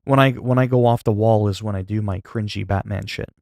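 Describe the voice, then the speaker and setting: A man chatting casually with viewers on a live stream, calm and low-key, with a delivery some find sleepy. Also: vocal fry, no room sound, studio quality. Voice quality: sleepy-sounding, flat delivery. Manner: low-key, calm and unhurried, not hyped. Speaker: livestreamer.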